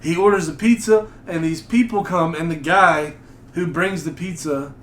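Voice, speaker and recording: A man's voice: a little high, moderate pace, slight background noise. A man co-hosting a casual podcast, cracking jokes and starting a story in a laid-back way. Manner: laid-back, joking interjections. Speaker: podcast co-host. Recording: echoey room.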